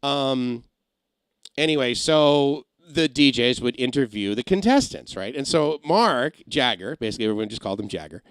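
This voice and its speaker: A middle-aged former radio engineer chats on a home livestream, telling long, rambling stories. His voice swings widely up and down in pitch, and he breaks into brief comic impressions. The sound is dry and close, with no room echo. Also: expressive, moderate pace, clean tone. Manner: rambling storyteller who slips into comic impressions. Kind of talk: casual livestream chat. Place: home in Massachusetts.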